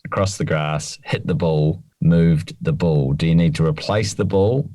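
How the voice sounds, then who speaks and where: A man with a very low voice talks things through at a measured, slightly hesitant pace. His tone is dark and mellow. The recording is close and dry. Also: no echo. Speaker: podcast co-host. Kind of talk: casual podcast chat.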